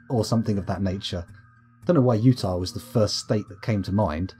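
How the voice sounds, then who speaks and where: A man's voice: mid-range voice, dark tone. A British man with a sore throat, chatting and joking self-deprecatingly as he streams a game live from home. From United Kingdom. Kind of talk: live let's-play commentary. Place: at home, upstairs room.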